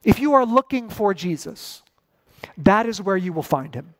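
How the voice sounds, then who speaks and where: Animated, high-voiced man preaching a sermon. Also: normal speed. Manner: conversational and animated, with casual asides. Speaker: pastor.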